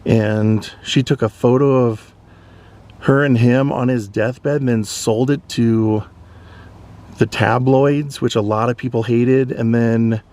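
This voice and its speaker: A man's voice: medium pitch, steady tone, slow, darkish tone. A man hosting a vlog, casually recounting events in a conversational way. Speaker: vlog host. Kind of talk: casual narration.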